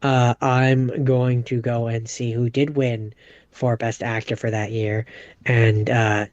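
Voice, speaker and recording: A man co-hosting a podcast, reading out film facts haltingly with many fillers. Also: mid-range voice, level tone, a little mellow, dry recording, lo-fi sound. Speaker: podcast co-host. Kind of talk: casual movie chat.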